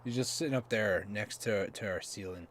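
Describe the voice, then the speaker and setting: A young man with a sore throat, rambling quietly through late-night gameplay commentary. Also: lowish voice, normal speed, a little hiss or hum. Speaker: gaming streamer.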